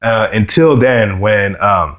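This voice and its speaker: A young man from New York sharing his personal testimony as a guitarist, earnest and halting, often saying "you know" and "man.". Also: lowish voice, fairly bright tone. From New York, USA.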